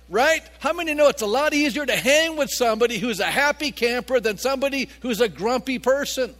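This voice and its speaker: A man's voice: very high voice, expressive, fairly quick, hardly any pauses, a bit bright. A male pastor preaching a sermon, emphatic and full of rhetorical questions to his congregation. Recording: long hall reverb.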